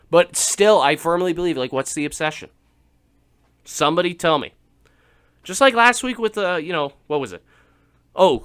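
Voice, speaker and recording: A man's voice: fairly high pitch, a bit bright. A young man hosting a radio show, rambling through a joking monologue with laughs and restarts. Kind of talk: casual comedic monologue.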